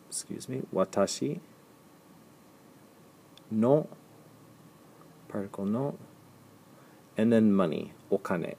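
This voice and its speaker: Patient, husky-voiced man teaching slowly. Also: on the low side, warm tone. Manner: patient, explains step by step, repeats example sentences slowly. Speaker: language teacher. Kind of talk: recorded slide lecture.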